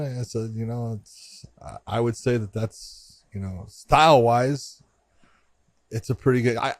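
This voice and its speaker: A man's voice: medium pitch, a little slow, dry recording. A middle-aged man, a referee and podcast co-host, telling a rambling anecdote and acting out both sides of the conversations. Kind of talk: casual storytelling on a podcast.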